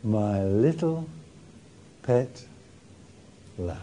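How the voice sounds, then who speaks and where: A man preaching a sermon, retelling the story with animated energy and warm humour. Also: on the high side, measured pace, slight background noise.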